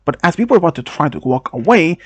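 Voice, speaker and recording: A man whose first language is Swedish tells a first-person story, halting with restarts and non-native phrasing. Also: a little high, big pitch swings, slightly rough, no echo.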